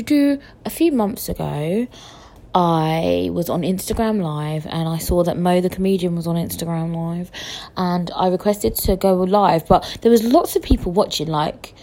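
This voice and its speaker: Chatty young woman vlogging. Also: mid-range voice. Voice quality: visually impaired speaker. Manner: chatty and excitable, laughs and swears often. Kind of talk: casual chat to camera.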